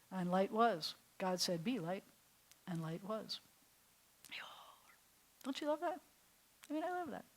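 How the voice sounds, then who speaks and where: A woman rabbi teaching a Hebrew class, explaining with enthusiasm and often dropping to soft, breathy whispers for emphasis. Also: mid-range voice, poor audio. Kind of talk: classroom lesson. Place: synagogue classroom.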